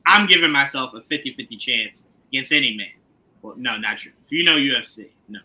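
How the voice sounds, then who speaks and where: A man hosting a casual TV recap chat, animated and joking, often slipping into comic impressions. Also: medium pitch, brisk, rough recording. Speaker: podcast host.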